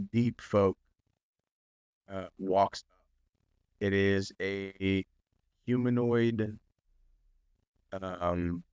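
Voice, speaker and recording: A man with a very deep, crisp voice narrating a fantasy tabletop game as game master. He talks slowly and unhurriedly, often pausing with fillers. The sound is dry and close. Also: no room sound.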